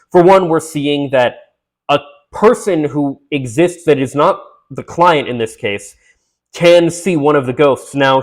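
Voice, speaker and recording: A man casually recapping a film, rambling with fillers and restarts, and briefly acting out the characters' lines. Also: on the high side. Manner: acts out characters' lines in quick voices. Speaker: movie recap host.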